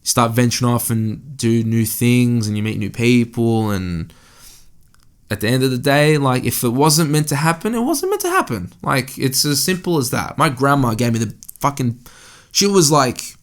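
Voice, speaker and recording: A man's voice: mid-range voice, sing-song, moderate pace. A young man hosting a solo podcast, talking candidly in a rambling way and swearing often. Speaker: podcast host. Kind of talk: casual solo podcast monologue. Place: indoor room.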